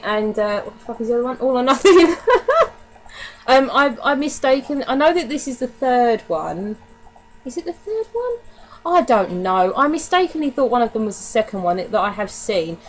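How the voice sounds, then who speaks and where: A woman's voice: fairly high pitch, a little hiss or hum, poor audio. Chatty woman vlogger. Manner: chatty and candid with casual swearing. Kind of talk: casual DVD haul vlog.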